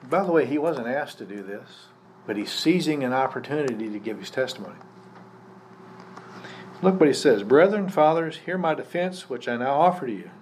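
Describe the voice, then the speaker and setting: A man's voice: mid-range voice, animated, moderate pace, darkish tone. Male pastor teaching a live sermon. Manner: conversational teaching, poses questions to the congregation. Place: church service. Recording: faint background noise from a live service.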